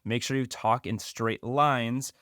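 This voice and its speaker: A man's voice: medium pitch, fairly even intonation, slow pace, fairly bright tone, no room sound, studio quality. A man co-hosting a podcast, laying out tips step by step in an emphatic, casual way. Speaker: podcast co-host. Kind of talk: casual advice chat.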